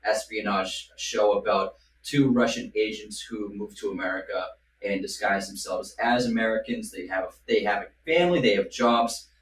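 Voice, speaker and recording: A man's voice: fairly low pitch, moderate pace. A man in his thirties on a podcast, talking casually and playfully. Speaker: podcast host. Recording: echoey room, distant mic, faint noise.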